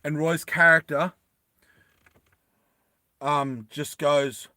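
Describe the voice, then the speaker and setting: A man's voice: fairly high pitch, extremely slow, no echo. A man animatedly telling a movie story to friends, often asking "right?". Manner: animated, laughing, repeats "right?". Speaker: storyteller pitching a movie plot.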